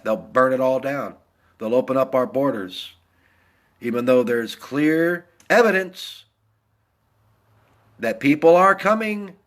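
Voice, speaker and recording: Middle-aged American veteran, blunt and heated, a bit high-pitched, hammers points twice. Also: male voice, fairly bright tone. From United States. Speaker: Navy veteran vlogger. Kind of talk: angry political rant.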